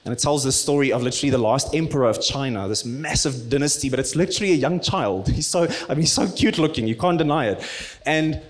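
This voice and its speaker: A man preaching a sermon, rising to loud emphatic peaks and dropping to hushed, low tones. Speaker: pastor.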